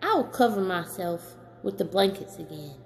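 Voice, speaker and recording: A woman's voice: fairly low pitch, lively intonation, normal speed, creaky, faint music behind. A woman voicing a silly, fretful old male owl in a storybook read-aloud, exclaiming in a raised put-on voice. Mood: worried.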